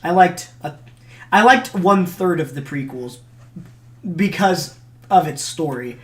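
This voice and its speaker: A young man co-hosting a podcast, chatting in an excitable, teasing way. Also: on the high side, slow pace. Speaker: podcast co-host. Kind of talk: casual chat.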